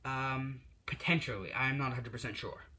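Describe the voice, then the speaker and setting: A man's voice: mid-range voice, fairly even intonation, moderate pace, sharp tone. A man voicing a kind, encouraging veteran male hero in a retold fan story.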